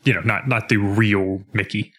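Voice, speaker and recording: A man co-hosting a podcast, chatting casually and retelling video game scenes in an animated way, quoting the characters as he goes. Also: lowish voice, moderate pace. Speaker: podcast co-host.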